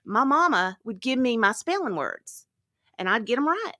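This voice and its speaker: Chatty, bright-voiced woman host. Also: fairly high pitch, moderate pace. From Tennessee. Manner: lively, chatty, laughs often. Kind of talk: casual chat.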